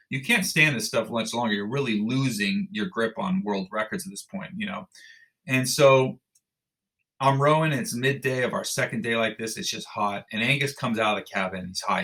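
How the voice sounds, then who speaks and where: Guy telling a war story on a podcast, punchy bright voice, blunt, cusses a bit. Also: medium pitch, moderate pace. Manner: animated storyteller who acts out dialogue, with frequent restarts; blunt, swears casually. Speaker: podcast guest, endurance athlete. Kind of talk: storytelling in an interview.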